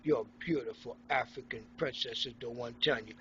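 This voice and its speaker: A man's voice: medium pitch, a little fast, hardly any pauses, a bit bright, lo-fi sound, a little hiss or hum. A middle-aged man from Haiti, ranting sarcastically and combatively into his phone in an indoor room. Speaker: vlogger. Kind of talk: ranting selfie monologue.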